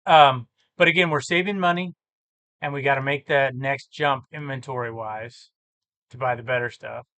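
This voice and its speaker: A man's voice: mid-range voice, fairly even intonation, normal speed, bright, forceful tone, no room sound. A man vlogging about his reselling business, walking through sales numbers on screen in a casual, think-aloud way with self-corrections. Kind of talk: casual screen-share walkthrough.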